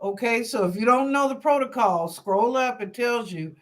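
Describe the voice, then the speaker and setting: A woman with a slightly high voice and lively intonation talks at a normal speed. Host of a psychic reading live stream, she handles chat questions casually, musing aloud and repeating phrases as she reads.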